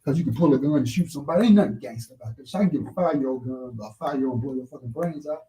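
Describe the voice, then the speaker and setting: A man's voice: medium pitch, rapid-fire, mellow, slightly rough, rough recording. Profane, blunt man telling a story. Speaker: podcast guest telling a personal story. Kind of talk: casual storytelling chat. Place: live podcast studio.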